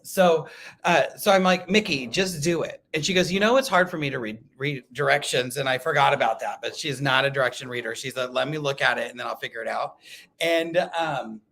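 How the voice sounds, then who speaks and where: A man hosting a casual quilting livestream, telling animated stories, laughing often and reading viewer comments. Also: medium pitch, brisk, creaky. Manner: chatty, animated storytelling, laughs often, reads live comments.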